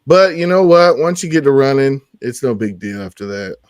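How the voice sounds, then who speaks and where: A man co-hosting a veterans podcast, reminiscing and affirming the guest in a relaxed, casual way. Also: mid-range voice, moderate pace, clean tone, no room sound, clean studio sound. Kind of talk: casual chat.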